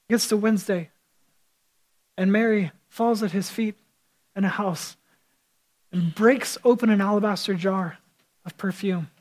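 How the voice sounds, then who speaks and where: A man's voice: sits high, rough recording. A man preaching a sermon as a pastor, retelling scripture as vivid storytelling with quoted speech.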